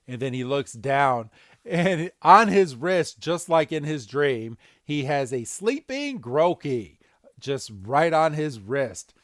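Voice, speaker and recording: Brief: podcast host, lively pitch, slow unhurried delivery, dry sound. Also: male voice, no echo. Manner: animated, acts out scenes. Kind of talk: casual episode recap.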